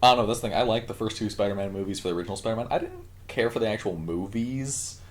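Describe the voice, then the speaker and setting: A man's voice: lowish voice, big pitch swings, quick pace. A man in his twenties co-hosting a podcast, chatting casually and joking around with plenty of swearing. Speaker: podcast co-host. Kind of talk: casual chat.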